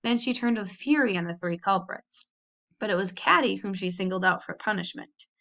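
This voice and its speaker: A woman's voice: mid-range voice, moderate pace, creaky. Woman reading a children's novel aloud. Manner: expressive, animated reading with small slips. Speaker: audiobook reader.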